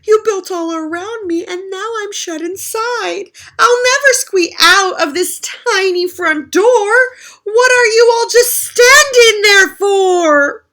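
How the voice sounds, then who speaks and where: A woman's voice: a little high, animated, very slow. A woman voicing a bossy, pushy male moose in a children's storybook read-aloud. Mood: wailing. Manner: bossy, commanding.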